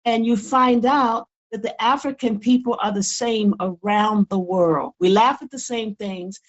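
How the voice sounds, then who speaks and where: A woman's voice: fairly high pitch, unhurried, muffled recording. An older woman, a guest in a casual interview, talking earnestly and often repeating words as she builds her point. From United States. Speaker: guest author.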